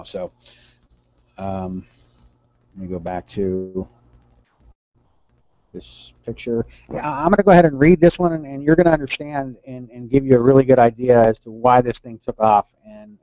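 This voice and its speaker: A man running an online team training session. He speaks earnestly and haltingly, restarting and repeating words as he goes. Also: medium pitch, a little mellow. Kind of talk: live online training talk. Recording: dull, dry lo-fi call audio.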